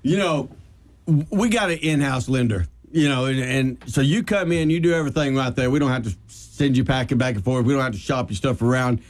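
Middle-aged guy, business owner on the radio, relaxed and chuckly. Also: mid-range voice, a little fast. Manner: easygoing, chuckling. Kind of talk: casual radio chat.

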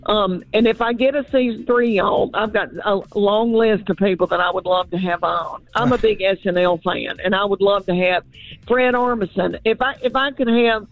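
A woman's voice: medium pitch, moderate pace, no echo, narrow, tinny audio, soft background music. An older woman from Knoxville with an East Tennessee accent, chatting as a comedian guest in a casual phone interview, folksy and self-mocking.

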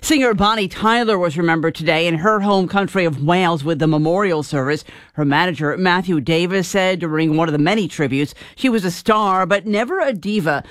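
A woman anchoring a radio news bulletin in a measured, formal newsreading manner. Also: lowish voice, dry recording. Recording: dry studio booth.

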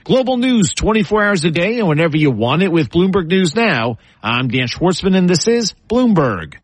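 A man reading the news as a radio anchor in a measured, steady newsroom delivery. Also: sits high, slightly rough, no room sound, low-quality recording. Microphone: studio microphone.

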